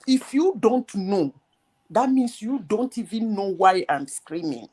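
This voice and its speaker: A woman's voice: mid-range voice, very animated, unhurried, warm tone. A woman hosting a heated live debate, insistent and emphatic, firing rhetorical questions. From Nigeria.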